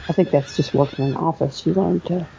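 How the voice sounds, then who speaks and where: Fast-talking Southern woman, mellow voice. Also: low-pitched, gravelly. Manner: chatty, quick, drawling vowels, laughs often. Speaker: podcast co-host. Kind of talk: casual chat. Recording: dull lo-fi audio with faint hiss.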